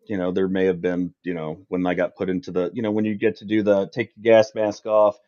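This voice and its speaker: A man's voice: sits low, completely flat delivery, brisk, dark tone. Joking man on a dull lo-fi line. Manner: joking, self-deprecating. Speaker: guest. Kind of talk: casual chat.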